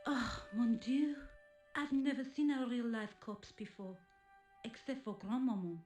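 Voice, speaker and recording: A woman's voice: fairly high pitch, steady tone, measured pace, darkish tone, faint music behind, lightly acted. Actress playing a groggy French girl, thick put-on accent, echoey sampling, game voice. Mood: dazed. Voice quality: overdone, theatrical accent. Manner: blunt, sardonic remarks. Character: hungover, dazed young French woman. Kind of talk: 1990s point-and-click game voice acting.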